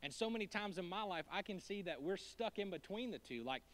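A pastor preaches to his church with a fairly high, light voice. He talks like a friend, cracking jokes, dropping to a hush and then pushing hard on a point. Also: lively intonation, a little fast. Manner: conversational and joking, swinging from hushed to emphatic. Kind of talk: sermon.

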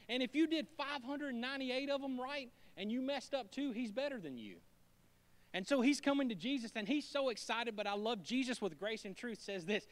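Joking pastor with a high voice. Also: male voice. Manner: conversational and joking, swinging from hushed to emphatic. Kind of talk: sermon.

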